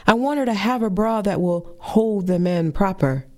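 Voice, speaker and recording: A woman's voice: medium pitch, lively intonation, moderate pace, mellow, lightly acted. A woman voicing her doting, fussy middle-aged mother, gushing and insistent.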